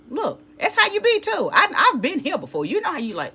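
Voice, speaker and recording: A woman's voice: sits high, wildly swooping pitch, a little fast, few pauses, sharp tone, breathy edge. A woman giving a casual tarot reading, talking straight to her viewers in a chatty, familiar way and calling them baby. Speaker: tarot reader.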